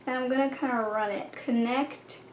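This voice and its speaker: A woman's voice: high voice, steady tone, moderate pace, roomy sound, a little hiss or hum. A young woman narrating a casual makeup tutorial at home, chatty and walking through each step. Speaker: beauty vlogger. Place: home room.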